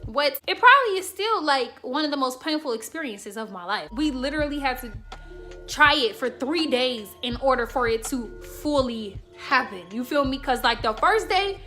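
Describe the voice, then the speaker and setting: A woman's voice: sits high, expressive, moderate pace, pushed and bright, soft background music. A young woman in her twenties from the Chicago suburbs, telling candid stories to her viewers in a slangy, frank casual vlog. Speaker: YouTuber.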